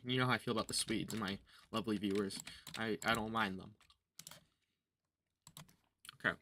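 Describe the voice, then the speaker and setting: With a bright, forceful, mid-range voice, this man comments on his own gameplay during a livestream. He's a gaming streamer who jokes, gets sarcastic, mutters to himself, and chews gum while playing. A slight hiss or hum sits under the audio.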